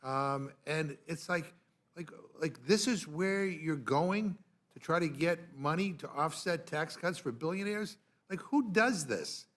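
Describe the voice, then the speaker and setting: A man on a congressional committee, speaking in an exasperated and halting way. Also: fairly high pitch, expressive, fairly bright tone. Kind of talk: committee hearing remarks.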